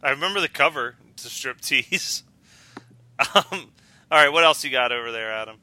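Bright-voiced man steering a podcast chat. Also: medium pitch, expressive. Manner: steers the talk, quick laughs. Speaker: podcast host. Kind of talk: casual movie discussion.

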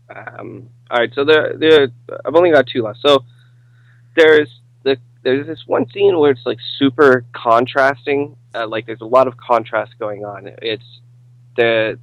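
A man's voice: mid-range voice, a bit bright, no echo, low-quality recording. A young man co-hosting a casual movie podcast, rambling, swearing casually and laughing often. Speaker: podcast co-host.

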